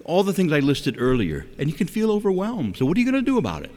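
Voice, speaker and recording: A man with a somewhat high voice preaches fast in a church, addressing the congregation directly in a conversational way. He asks rhetorical questions, acts out quotes, and stays animated, while the room's long reverb rings behind him.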